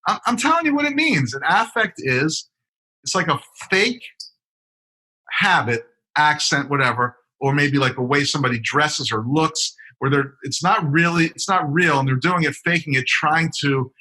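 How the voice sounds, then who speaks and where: Husky, bright-voiced podcast co-host. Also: male voice, a little high, animated, moderate pace, poor audio. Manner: explanatory, teasing, laughs at co-host. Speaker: dentist co-host. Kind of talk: casual podcast chat.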